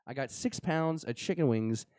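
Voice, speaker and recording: A young man hosting a casual live podcast. He talks in a loose, joking way, full of fillers and restarts. His voice is smooth and clear, recorded close and dry. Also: mid-range voice, lively intonation, moderate pace, a little mellow, no room sound. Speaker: podcast host. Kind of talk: casual live-show chat.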